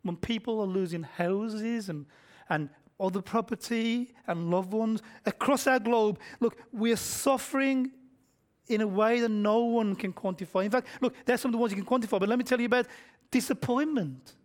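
Emphatic preacher, high voice. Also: male voice, moderate pace. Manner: emphatic, swings between loud declarations and low hushed asides. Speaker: pastor. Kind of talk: sermon. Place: church.

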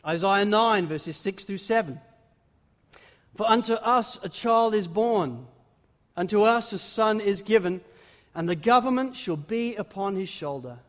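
A man preaching a sermon, with dramatic swings between loud exclamations and hushed emphasis. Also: high voice, lively intonation, unhurried. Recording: long hall reverb.

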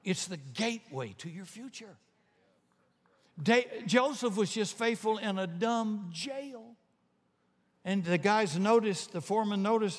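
A man's voice: high-pitched, lively intonation, measured pace. A man preaching a sermon as pastor, talking to his congregation in a conversational, emphatic way with joking asides. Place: church sanctuary. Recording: long hall reverb.

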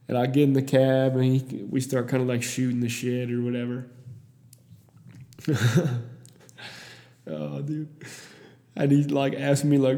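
A man's voice: mid-range voice, level tone, moderate pace, pauses often, dark tone, in a large hall. A young man from Iowa telling a story in a casual, rambling, profane way, with many restarts.

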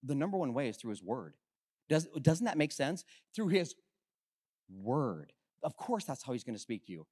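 A man preaching a sermon as pastor, talking conversationally with rhetorical questions and swinging between hushed and loud. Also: mid-range voice, very animated, moderate pace, breathy edge.

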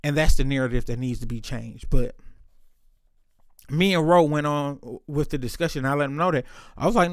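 Man, higher voice, casual storytelling, candid, lots of swearing, dry close sound. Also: moderate pace, dry recording. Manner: candid, profane, and loose, with frequent swearing.

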